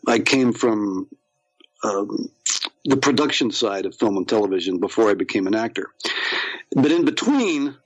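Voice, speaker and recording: A man talks about his acting work in a loose, rambling way, full of fillers and restarts. His voice sits at an ordinary pitch. The sound is dry, with no room around it. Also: dry recording, poor audio. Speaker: actor, guest. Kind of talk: casual interview chat.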